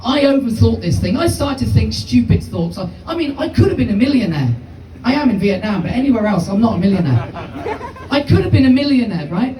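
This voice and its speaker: Swearing comedian, dark and distant. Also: male voice, sits high, big pitch swings, fairly quick, a faint crowd, a little hiss or hum. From United Kingdom. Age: 50s. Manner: rambling, profane storytelling. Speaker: stand-up comedian. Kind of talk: live stand-up comedy. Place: small comedy venue with audience. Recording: distant, echoey live room.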